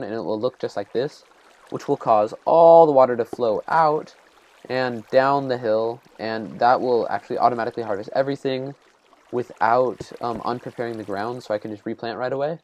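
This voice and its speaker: A man's voice: mid-range voice, brisk, a little mellow. A man giving casual let's-play commentary, rambling and self-deprecating as he thinks aloud while building. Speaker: gameplay commentator.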